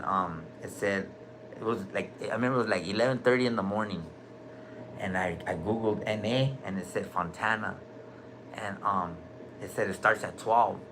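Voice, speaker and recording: A man's voice: lowish voice, background noise. A middle-aged man telling his own story in casual talk, candid and streetwise, saying "bro" a lot and swearing freely. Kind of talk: casual recorded conversation. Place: hospital room.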